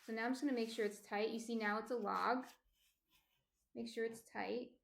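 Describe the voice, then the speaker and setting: A woman's voice: on the high side, steady tone, normal speed, gravelly, reverberant. A woman from New Jersey chatting casually on a live stream, explaining each step of shaping bread and greeting viewers by name. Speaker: baker streaming a sourdough tutorial.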